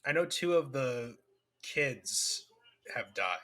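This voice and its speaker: Bright-voiced, dry male podcast co-host. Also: medium pitch, lively intonation, slow pace. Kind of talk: casual chat.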